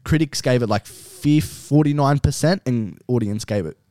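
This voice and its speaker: A young man co-hosting a podcast in casual chat, relaxed and swearing freely. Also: mid-range voice, dry recording, clean studio sound. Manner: relaxed, swears often, drawn-out phrasing. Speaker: podcast co-host.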